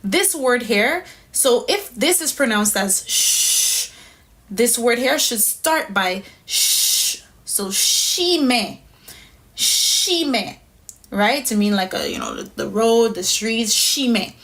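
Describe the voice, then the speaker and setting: A woman's voice: fairly high pitch, expressive, takes it slowly, a bit bright. A woman teaching a language lesson, patiently explaining pronunciation step by step. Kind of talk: instructional lesson.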